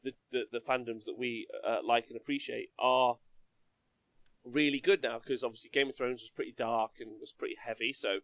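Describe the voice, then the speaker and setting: Laughing often and joking around, this podcast co-host keeps the chat about his hobby casual and animated. He speaks at medium pitch and a normal speed, with no room sound.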